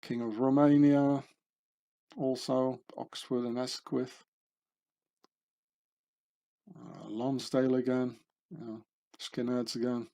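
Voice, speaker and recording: A man's voice: mid-range voice, level tone, unhurried, gravelly, dark tone. A man giving casual commentary as he reads through a list of names, musing and rambling, trailing off with fillers and correcting himself. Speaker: video commentator.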